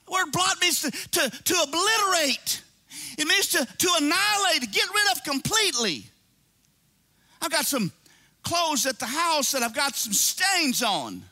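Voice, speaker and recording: A man preaching a sermon, swinging between shouted emphasis and low conversational asides, repeating phrases for emphasis. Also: big pitch swings, unhurried. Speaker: pastor.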